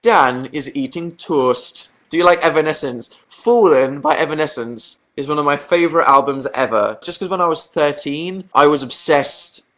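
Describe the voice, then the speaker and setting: A man's voice: on the high side, moderate pace, hardly any pauses, a bit bright. Chatty young Englishman on a livestream. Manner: chatty, self-deprecating, hesitant with restarts and laughs. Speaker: YouTuber answering viewer questions on a livestream. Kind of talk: casual livestream chat.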